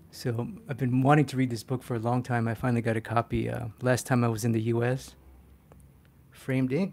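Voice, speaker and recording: Man, art instructor on a live stream; chatty, animated, self-mocking, filler-heavy. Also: mid-range voice. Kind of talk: live-stream drawing demo, answering chat.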